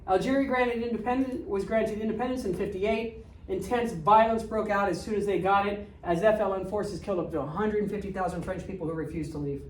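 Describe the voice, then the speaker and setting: A woman's voice: mid-range voice, brisk, a little hiss or hum. Older lady lecturing a class, blunt, fires questions at students, sounds far off in a roomy space. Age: 60s. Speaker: history teacher. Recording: echoey room, distant mic.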